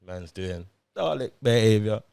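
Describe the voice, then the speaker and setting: A man's voice: lowish voice, expressive, measured pace, gravelly, a little mellow, clean tone. A man, co-hosting a casual podcast chat, laid-back and full of banter. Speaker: podcast co-host.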